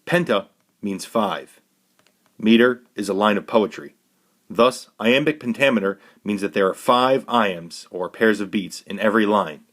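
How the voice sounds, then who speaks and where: Measured male teacher, lower voice. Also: fairly bright tone. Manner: clear, measured, instructive. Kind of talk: recorded classroom lesson.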